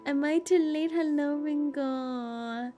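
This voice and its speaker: A woman's voice: high-pitched, slow pace, warm tone, soft background music. A woman streaming a game playthrough. She chats playfully with her viewers, giggles often, and reads the story text aloud.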